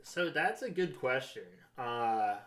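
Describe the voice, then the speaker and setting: A man talking as a podcast guest, laid-back and halting, swearing casually. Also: mid-range voice, expressive, fairly bright tone.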